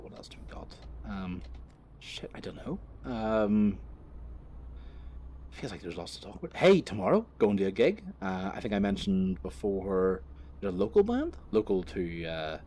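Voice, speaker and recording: A man's voice: on the low side, sing-song, normal speed, long pauses, a little mellow, slight background noise. A man rambling through a story while driving his truck, swearing and laughing at himself. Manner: swearing, self-mocking, rambling with many fillers. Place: inside a truck cab on the road.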